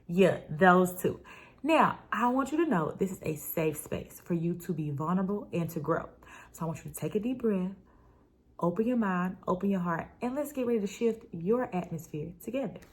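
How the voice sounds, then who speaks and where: A woman hosting a motivational podcast, talking in an emphatic, playful and conversational way with slang, and easing into soft, earnest encouragement. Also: lowish voice, animated, moderate pace. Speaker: podcast host.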